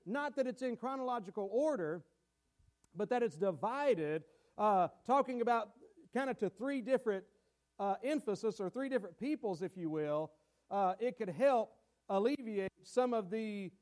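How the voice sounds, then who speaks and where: A man's voice: high-pitched, a little mellow. A man preaching a teaching sermon in a conversational way, with many fillers and restarts and emphatic key points. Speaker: pastor.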